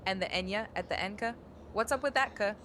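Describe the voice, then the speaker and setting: A woman's voice: mid-range voice, a little fast, fairly bright tone, a little hiss or hum, voice pushed up, natural voice. A woman voicing a perky, catlike female AI chatbot, reading its replies aloud in a sing-song way on a live stream. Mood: bubbly. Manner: sing-song, tacks a cute tag onto every sentence.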